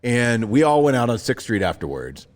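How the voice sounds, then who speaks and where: A man in his thirties, co-hosting a podcast, tells a story in casual chat at a moderate pace with a mid-range voice. He's an animated storyteller who acts out the voices of the people he quotes.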